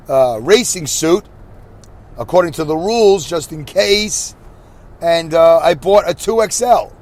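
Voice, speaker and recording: A man from Brooklyn hosting a podcast, rambling in a self-deprecating way and talking to himself as he drives his minivan. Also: fairly high pitch. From Brooklyn, New York. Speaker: podcast host. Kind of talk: rambling solo monologue while driving. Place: inside a minivan on the highway.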